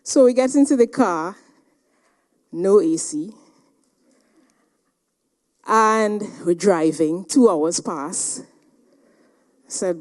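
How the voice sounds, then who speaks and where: A woman speaker delivers a motivational seminar talk at a slow, deliberate pace. She tells a personal story with dramatic, animated storytelling and a mid-range voice. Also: mid-range voice.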